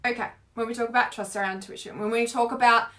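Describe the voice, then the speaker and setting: A woman's voice: on the high side, fairly even intonation, quick pace, fairly bright tone. A woman talking casually on a live stream as a spiritual coach, rambling and filling her speech with "like". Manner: rambling, heavy use of "like", frequent laughs. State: teary from earlier crying.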